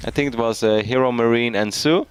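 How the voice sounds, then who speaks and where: A man's voice: mid-range voice, a little fast. Man, esports caster, chatty, laughs a lot, faint arena hum behind. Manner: chatty, laughs often, tells anecdotes. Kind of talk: live esports commentary.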